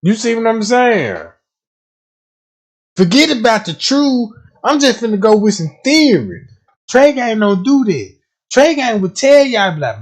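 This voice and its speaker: With a high-pitched, sing-song voice and an unhurried pace, a man with a country Southern US accent hosts a livestream. His casual talk is heavy with profanity, he stumbles into repeated words, and he keeps checking that listeners are following.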